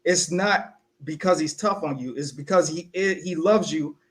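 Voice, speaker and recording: Co-hosting a laid-back podcast, a young man from South Carolina takes his time recounting a personal story, lively and conversational throughout. He speaks a little higher than the average man and mimics the voices of whoever he's quoting.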